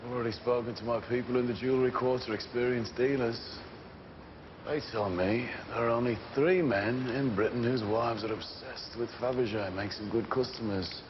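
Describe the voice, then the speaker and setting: An actor playing a cold, controlled gang boss who speaks in a measured, clipped, menacing way. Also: male voice, mid-range voice, steady tone, muffled recording, background noise, natural voice. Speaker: gang leader. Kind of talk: TV crime drama acting.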